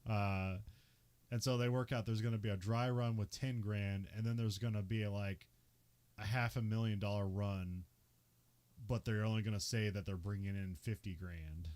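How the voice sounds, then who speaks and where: A man's voice: fairly low pitch, steady tone, moderate pace, a little mellow. A young man hosting a podcast, casually recapping a film with lots of filler words and laughs. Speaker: podcast host. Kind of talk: casual movie recap chat.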